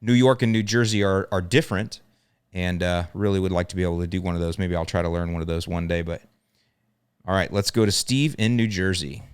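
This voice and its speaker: Low, smooth-voiced man hosting a podcast. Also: steady tone, a little fast, no echo. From American South. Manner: plainspoken, repeats points for emphasis. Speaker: podcast host answering lawn care questions. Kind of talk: casual podcast talk.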